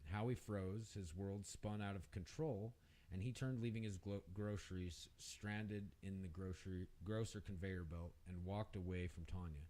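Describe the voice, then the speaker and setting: A man's voice: steady tone, normal speed, dark tone. A man reading a short story aloud on a radio show, lifting his voice for the women's lines. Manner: reads aloud, raises pitch for the women's lines. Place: radio studio.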